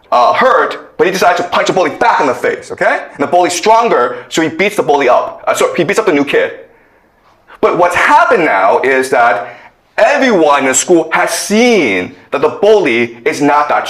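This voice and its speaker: A man's voice: a little high, a bit bright. A man giving a lecture, telling a story and often checking in with okay. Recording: echoey room.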